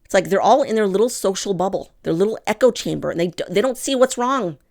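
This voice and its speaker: She talks fast, with a medium-pitched, expressive voice that's gravelly yet a little mellow. Hosting a political commentary show, she delivers an impassioned, emphatic monologue to camera, addressing listeners as "people."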